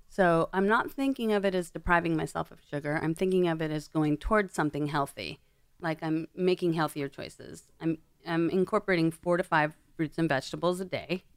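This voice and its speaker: Chatty woman podcast guest, low voice. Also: moderate pace, clean tone, dry recording. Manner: chatty, laughs often, drops into announcer reads. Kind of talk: casual chat. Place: podcast studio. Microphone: studio mic.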